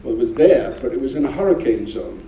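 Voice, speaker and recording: This Scottish man in his seventies, a guest actor in an on-stage theatre interview, spins rambling anecdotes for the audience in a fast, gravelly, warm voice of medium pitch with lively intonation. The recording is roomy and distant, as live theatre tends to be, and has a little hiss or hum.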